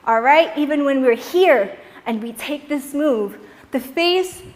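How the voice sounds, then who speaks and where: A young woman with a high, bright voice leads a dance tutorial, cheering her students on with energy and calling out the counts. Her voice rings with a long reverb, as if she were in a big, bare studio. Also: slow. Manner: energetic, encouraging, counts beats aloud. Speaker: dance instructor.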